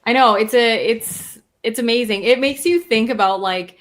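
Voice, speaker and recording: A woman's voice: on the high side, moderate pace, fairly bright tone. A woman co-hosting a podcast, talking in an earnest, thoughtful way with many fillers. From Canada. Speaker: podcast co-host. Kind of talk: casual chat.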